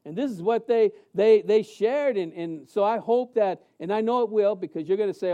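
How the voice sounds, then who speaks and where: A man in his fifties, a pastor, preaching a sermon in a conversational way, with many restarts and lively acted-out quotes. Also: sits high, moderate pace, hardly any pauses, muffled recording.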